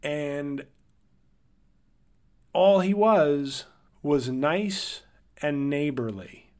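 Speaking extremely slowly in a slightly mellow voice with lively intonation, a male podcast host rambles through a long personal story, revising himself as he thinks. His voice rises and brightens whenever he quotes someone.

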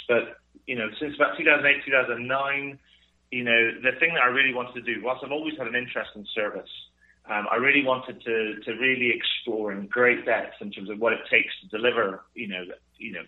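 A British man from the United Kingdom answering interview questions politely, rambling with many fillers. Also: mid-range voice. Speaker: guest consultant. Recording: tinny phone line.

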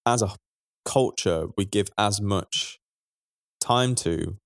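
A man co-hosting a football chat, talking in a relaxed, thoughtful way. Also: fairly low pitch, slow pace, creaky, no room sound, clean studio sound. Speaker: football podcast co-host. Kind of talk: casual chat.

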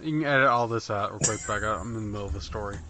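A man's voice: fairly low pitch, very fast, pushed and bright. A man in casual podcast chat who tells long, rambling stories and swears freely. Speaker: podcast co-host. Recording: noisy recording with clicks.

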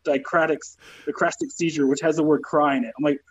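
A man's voice: fairly high pitch, little pitch movement, fast talker, a bit bright, husky, no room sound, lo-fi sound. A young man, a comedian, telling stories casually with a lot of swearing and jokes about his own troubles. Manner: profane storytelling, joking about his troubles. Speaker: comedian guest. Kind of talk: casual podcast chat.

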